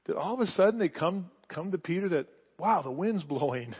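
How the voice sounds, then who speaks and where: A middle-aged man preaching a sermon, telling the story with animated delivery and rhetorical questions. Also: high-pitched, fairly quick, slightly rough. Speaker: pastor. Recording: muffled sound, long hall reverb.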